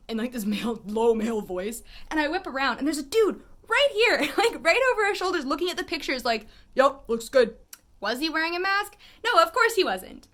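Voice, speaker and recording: Bright, chatty woman telling stories. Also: high voice. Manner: animated, chatty, many "like" fillers, wry. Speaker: photographer and vlogger. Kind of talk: casual storytelling vlog.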